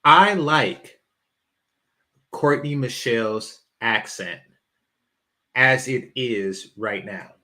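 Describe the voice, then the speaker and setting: A man hosting a live stream, making blunt, crude and profane rapid-fire comments. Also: mid-range voice, expressive, sharp tone. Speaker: stream host reacting to a clip.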